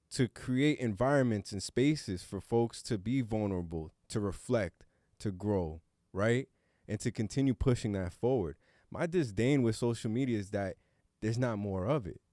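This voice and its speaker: Low-voiced guy on a podcast, earnest and reflective, dry close sound. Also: animated, unhurried, dark tone, no echo. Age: adult with young son. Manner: earnest, reflective, swears casually. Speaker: podcast co-host. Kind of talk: casual roundtable discussion.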